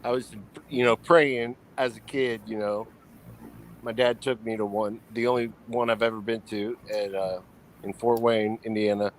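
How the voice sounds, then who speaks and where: A man's voice: on the low side, steady tone, moderate pace, rough recording. Casting: male host, easygoing live-stream chat, light hiss behind him. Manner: short reactions, then recalls a memory.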